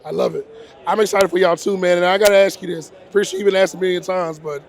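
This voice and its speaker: A man's voice: sits high, fairly even intonation, quick pace. A young man from Texas hosting a casual sports interview, upbeat and jokey, saying "man" a lot. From Texas, Dallas area. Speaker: interviewer, host.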